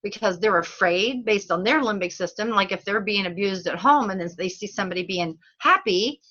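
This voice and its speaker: Bright, bubbly woman on a muffled call. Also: mid-range voice, fairly quick. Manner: bubbly, laughs often, acts out little voices. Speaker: host. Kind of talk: casual teleseries chat. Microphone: phone or call line.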